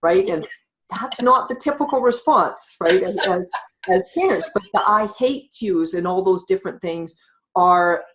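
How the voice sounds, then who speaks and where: A woman's voice: mid-range voice, moderate pace, noisy background. A woman hosting an interview, affirming her guest with short agreements and reading out viewer questions. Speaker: interviewer host. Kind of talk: conversational interview.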